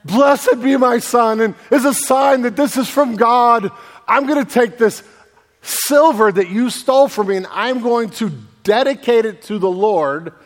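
Superstitious mother figure, exaggerated sing-song delivery, high shrill voice, long reverb, man doing the voice. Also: unhurried. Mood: gushing.

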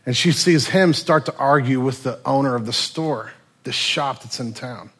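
A man preaching a sermon and telling a story, moving from loud passages to near whispers. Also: medium pitch, normal speed, breathy edge. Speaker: pastor.

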